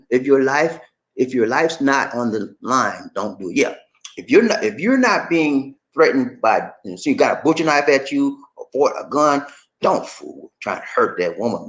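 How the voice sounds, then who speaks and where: A man hosting a livestream, chatting casually and reading viewer comments aloud in an animated, laughing, drawling way. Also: fairly high pitch. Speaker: livestream host.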